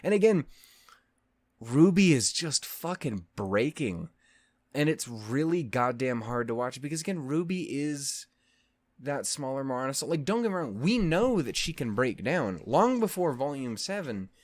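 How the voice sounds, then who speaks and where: A man's voice: medium pitch, a little slow, no room sound, clean studio sound. A man giving emotional, profanity-heavy reaction commentary that rambles with frequent restarts. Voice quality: voice actor's expressive delivery. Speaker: reaction video host.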